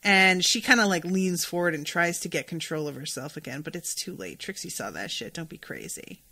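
A woman's voice: on the low side, brisk, gravelly, bright, forceful tone. A young adult woman hosting a podcast, recapping a TV episode in a chatty, casual way and swearing freely. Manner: chatty, swears freely, reads quoted dialogue aloud.

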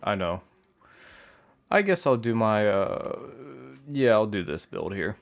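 A man's voice: fairly low pitch, animated, slow, lo-fi sound. A young man bantering crudely and laughing with a friend while they play a video game together over voice chat. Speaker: co-player. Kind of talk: casual gaming chat.

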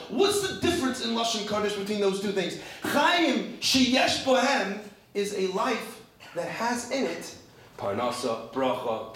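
A rabbi preaching to a women's group, emphatic and full of rhetorical questions and stories. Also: male voice, very high-pitched, pushed and bright. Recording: very echoey room, distant mic, faint noise.

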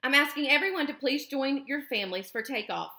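A woman's voice: sits high, expressive, a little fast, pushed and bright, voice pushed up, full character voice. A woman voicing a big male lead goose who addresses the flock in an authoritative, announcing manner. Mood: commanding. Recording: roomy echo.

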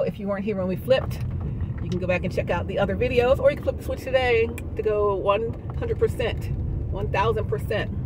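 A woman's voice: fairly low pitch, background noise. A woman giving a casual, encouraging motivational talk to her viewers as a wellness vlogger. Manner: upbeat, encouraging, sings snippets and laughs.

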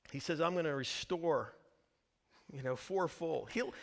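A man pastor preaching a sermon, telling a story with lively, dramatic delivery and acted-out voices. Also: a little high, vocal fry. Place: church.

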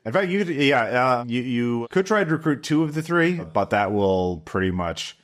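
A man's voice: medium pitch, lively intonation, normal speed. A man acting as game master, chatting casually with his players and thinking aloud with frequent restarts. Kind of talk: running a tabletop game, casual chat.

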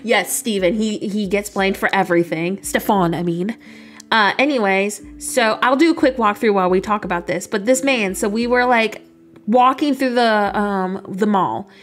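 A woman's voice: medium pitch, moderate pace. A young woman from the United States, chatting casually and laughing while streaming a video game. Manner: chatty, laughing, rambling with fillers.

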